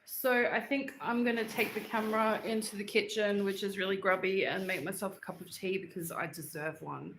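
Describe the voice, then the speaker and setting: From home, an Australian woman hosts a casual livestream, bantering with viewers in slang as she moves into the kitchen. Her medium-pitched voice is fairly even in intonation, fairly quick, with hardly any pauses. The roomy home recording has a little hiss or hum.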